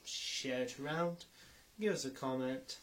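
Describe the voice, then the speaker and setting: A young man talks casually to his viewers in a rambling vlog style. He stops to fix his own words and drops the odd swear word. His pitch sits right in the middle for a man. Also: unhurried, fairly bright tone, a little hiss or hum. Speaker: YouTuber.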